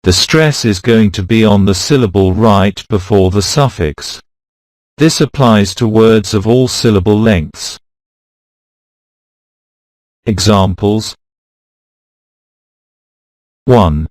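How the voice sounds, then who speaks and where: A man reading a pronunciation lesson in a slow, even way, going through rules and word lists. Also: fairly low pitch, no echo, studio quality. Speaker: pronunciation teacher. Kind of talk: scripted lesson narration.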